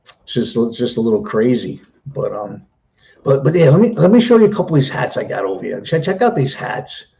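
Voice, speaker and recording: A man's voice: medium pitch, big pitch swings, brisk, gravelly, mellow, highs cut off. A middle-aged man chatting casually on a live stream, rambling and repeating himself as he talks.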